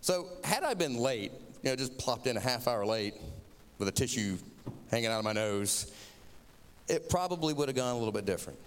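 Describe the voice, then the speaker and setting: A man's voice: medium pitch, expressive, brisk, clear, resonant tone, long reverb tail. A man from Florida with a Southern accent, giving a sermon as a chatty, self-mocking personal story.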